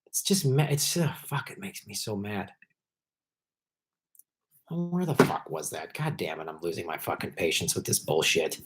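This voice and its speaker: A man hosting a casual live stream, chatting with viewers, clearing his throat often and swearing in frustrated outbursts at the tech. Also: sits low, moderate pace. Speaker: political comedian and live stream host.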